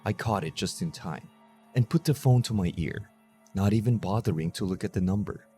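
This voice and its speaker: A man with a lowish voice reads a horror story aloud in a calm, measured way. It is scripted narration, steady and deliberate. Faint music plays underneath.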